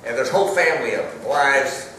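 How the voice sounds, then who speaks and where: A man's voice: medium pitch, pushed and bright, slight background noise. An older man, an actor on a panel, telling a rambling story full of ums and uhs. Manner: rambling, fills pauses with um and uh. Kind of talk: casual storytelling. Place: festival hall with a live audience. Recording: echoey hall, mic heard from a distance.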